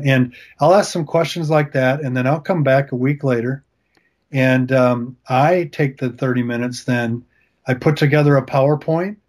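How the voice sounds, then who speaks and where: A man's voice: medium pitch, darkish tone. A man speaking as a guest author and coach in a faith-based interview, talking in an earnest, encouraging way with emphatic repetitions.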